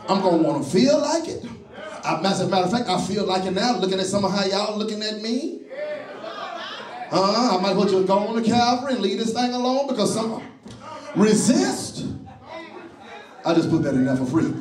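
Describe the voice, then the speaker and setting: A man preaching a sermon in a church, repeating phrases, calling on the congregation and building to shouts. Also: high-pitched, a little fast. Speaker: pastor. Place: church sanctuary. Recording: echoey church from a distance.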